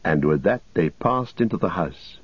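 This is scripted audiobook narration of a story, delivered by a man whose voice is low and husky. His reading stays steady and measured, and the lo-fi recording sounds dull but has no echo.

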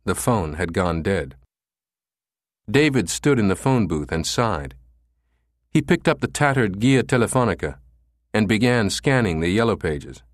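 A man narrating an audiobook in a measured, even reading style. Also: fairly low pitch, no room sound, clean studio sound. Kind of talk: scripted narration.

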